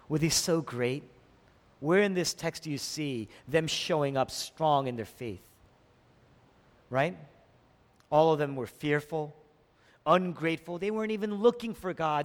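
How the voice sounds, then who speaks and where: Man preaching with sweeping pitch. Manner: rhetorical questions, rising to emphatic peaks then dropping low. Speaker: pastor. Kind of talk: sermon. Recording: long hall reverb.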